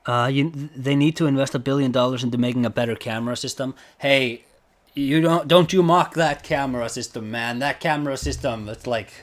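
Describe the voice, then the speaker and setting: A man's voice: medium pitch, a little fast. A man streaming a video game, rambling casually to chat, swearing and laughing at himself as he plays. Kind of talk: casual gameplay commentary.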